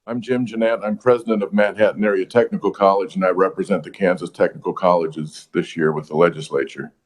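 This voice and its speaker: Deep-voiced man giving testimony. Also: steady tone, fast talker. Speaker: college president testifying. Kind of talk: committee testimony.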